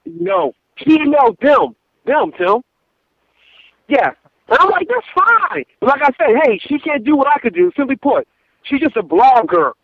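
A man, calling in by phone and telling a long story in a casual, animated way, full of repeats and restarts. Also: extremely high pitch, moderate pace, no echo. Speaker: caller. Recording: tinny phone line, dry.

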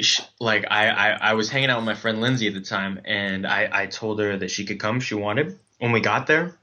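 A man with a lowish, bright, forward voice tells a comic dating story in loose, rambling casual chat. He stumbles through restarts and fillers as he goes. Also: highs cut off.

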